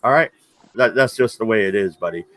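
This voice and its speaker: A man co-hosting a casual livestream, reading out chat and talking slowly, with many hesitant ums. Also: on the low side, a bit bright, dry recording.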